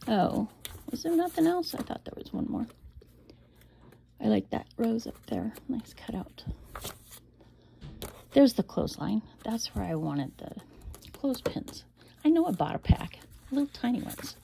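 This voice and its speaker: Showing off a handmade album, a middle-aged woman chats and rambles casually, laughing often and whispering asides. Her voice is on the high side, sing-song, creaky, and dark in tone, a little slow with frequent pauses, over slight background noise.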